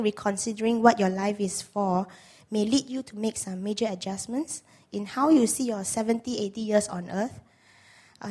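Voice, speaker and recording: Woman from Malaysia, guest preacher, hoarse voice, earnest and questioning. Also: medium pitch, mellow. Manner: earnest, asks the congregation questions. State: hoarse, lost voice. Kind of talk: sermon. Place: church.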